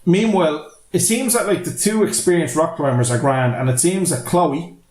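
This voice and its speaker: Irish male podcast host, slightly high voice, loose sweary recap style, roomy echo. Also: normal speed, darkish tone. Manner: sweary, rambling, laughing recap. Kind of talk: casual podcast movie recap.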